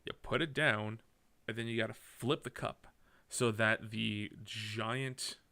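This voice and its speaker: A man's voice: on the low side, fairly even intonation, takes it slowly, pushed and bright. Male podcast host from Canada, drinking on mic, rambling solo storyteller with self-corrections and casual swearing. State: drinking while talking.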